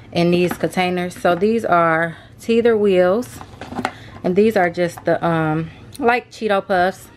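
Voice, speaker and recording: Chatty woman rushing through a haul. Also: fairly low pitch, noisy background. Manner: chatty, keeps addressing viewers as y'all; rushed, hungry and out of breath. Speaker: vlogger. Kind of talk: casual haul vlog.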